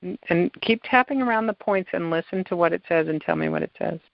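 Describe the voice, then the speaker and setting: Calm woman coaching a tapping session. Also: on the low side, fairly quick, gravelly, no room sound. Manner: calm, coaching, gives step-by-step prompts. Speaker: tapping practitioner and podcast host. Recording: dull, lo-fi sound.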